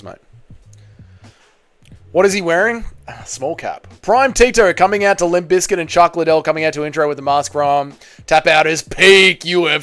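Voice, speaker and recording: A man hosting a casual fight watchalong stream. He reads out chat messages and swears freely. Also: on the high side. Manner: loose and profane, bursts into shouts at big moments. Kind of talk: casual live-stream commentary and chat reading.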